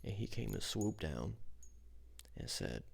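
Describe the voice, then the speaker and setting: A man's voice: lowish voice, sing-song, slow pace, exaggerated voice. A man voicing a rambling former cowboy in a whispered role-play, his talk full of restarts and fillers. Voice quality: gravelly, husky whisper.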